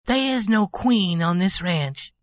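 A man voicing a tearful, proud young ranch woman in a high, tender voice. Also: expressive, measured pace, no room sound, studio quality.

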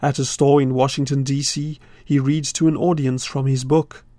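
A man reporting a radio news feature in a measured, scripted voice-over from a studio. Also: mid-range voice, no echo. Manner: measured, steady delivery.

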